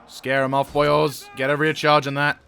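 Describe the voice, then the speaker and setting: Excitable bright-voiced male gamer. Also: fairly high pitch, normal speed, creaky, soft background music. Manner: excitable, barks orders at troops, swears. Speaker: gaming channel host. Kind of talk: let's-play commentary.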